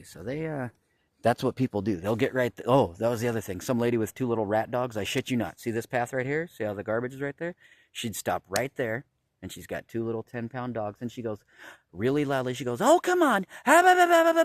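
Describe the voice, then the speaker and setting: A man with a low voice rants at his camera in a rambling outdoor vlog, agitated and profane. His voice sounds dry and close, with little room sound around it. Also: darkish tone, no echo. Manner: agitated, profane, points things out to viewers. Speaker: vlogger. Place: outdoors at a campground by his trailer.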